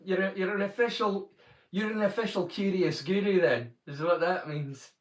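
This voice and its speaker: A chatty man with a Northeast Scottish accent, hosting a livestream and talking to viewers in a fairly high voice. He sounds set back from the mic in an echoey room, with music playing underneath. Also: moderate pace. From Northeast Scotland. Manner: chatty, thanks viewers by name. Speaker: livestream host. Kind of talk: casual chat with live viewers. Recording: roomy sound from a distance, music behind.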